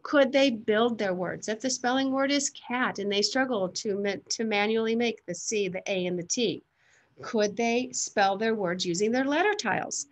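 A woman demonstrating classroom teaching methods, sounding out letters and switching into a bright voice she uses with children. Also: fairly high pitch. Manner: slow, deliberate, modeling sounds to children. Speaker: teacher trainer. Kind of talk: instructional demonstration.

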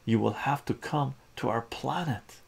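A man's voice: medium pitch, moderate pace, vocal fry, slightly rough, pitched above the performer's own voice. A man voicing a stern, formal alien father from a comic. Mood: solemn.

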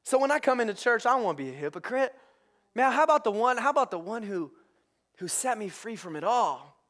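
A male pastor preaching a sermon, excitable and prone to shouting with enthusiasm. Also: extremely high pitch, a little fast. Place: church.

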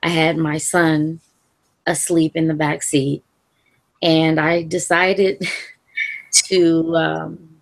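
A woman from the Louisville, Kentucky area tells her own story in an interview. Her voice is very low, with a gravelly, creaky texture. She talks calmly in measured phrases, letting out a soft laugh now and then.

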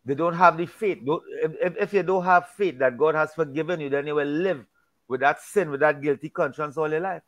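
This man's voice sits a little higher than average and has a slightly bright quality as he moves fairly quickly through a casual Bible discussion. He preaches with emphasis, often backtracking and repeating himself.

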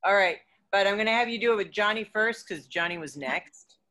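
A woman teaching an online acting class, encouraging and relaxed. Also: mid-range voice, fairly quick.

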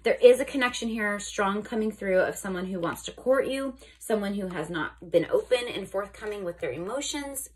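A woman's voice: mid-range voice, lively intonation, normal speed, few pauses, slight background noise. A woman giving a casual tarot reading to her viewers, chatty and often checking in with "okay?", restarting and correcting herself as she goes. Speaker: tarot reader.

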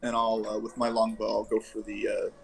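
A man playing a tabletop game, stating his actions quietly and hesitantly. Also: on the low side, completely flat delivery, a little fast, faint music behind, poor audio. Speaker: player. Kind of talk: casual chat at a game table.

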